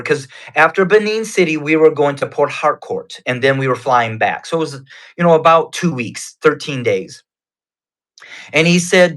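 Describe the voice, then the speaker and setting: A man's voice: fairly high pitch, expressive, a bit bright. A man giving his personal faith testimony as a guest, telling it in an earnest, conversational way. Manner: earnest, conversational, unhurried retelling.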